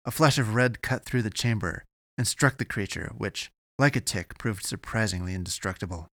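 A man giving steady, measured scripted narration of an audiobook. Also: lowish voice, dry recording, clean studio sound.

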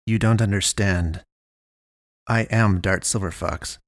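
A man voicing a quiet, calm young man who wears a mask. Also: low-pitched, slow, dry recording, studio quality.

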